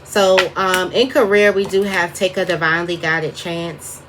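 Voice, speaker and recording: Chatty low-voiced woman reading tarot. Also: steady tone, measured pace, background noise. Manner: chatty, wanders off topic, talks to viewers as y'all. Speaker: tarot reader.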